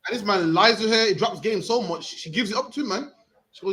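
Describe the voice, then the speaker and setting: Fairly quick, with a voice that sits high and a fairly bright tone, he preaches in the street. He's a British man in his 30s, emphatic, with a habit of adding "man" to the end of each line.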